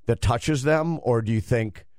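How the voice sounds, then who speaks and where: A man's voice: medium pitch, unhurried, darkish tone, no room sound. Flustered man in a dry radio studio. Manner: flustered, defensive rambling. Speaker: radio show co-host. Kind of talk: casual chat.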